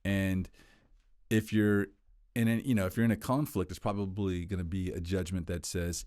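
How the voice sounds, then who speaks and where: A low-voiced man teaching communication in a casual, lively way, jumping up and down in pitch as he acts out little example quotes. The sound is dry and close to the mic, with no room around him. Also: normal speed, no echo. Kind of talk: casual explainer video.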